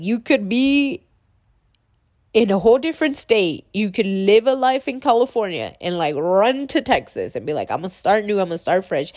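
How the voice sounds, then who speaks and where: A woman's voice: medium pitch, darkish tone. Young woman, candid vlog talk, casual slang, filler words, swears freely. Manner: confessional, casual, says "like" and "bro" often, swears. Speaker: vlogger.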